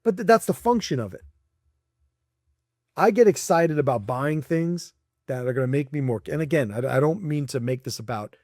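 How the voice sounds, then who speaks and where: Male podcast guest, casual chat, blunt and foul-mouthed, animated, slightly high register, dry close sound. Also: moderate pace, dry recording. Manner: blunt, profane, animated, acts out quoted people; laughs between points.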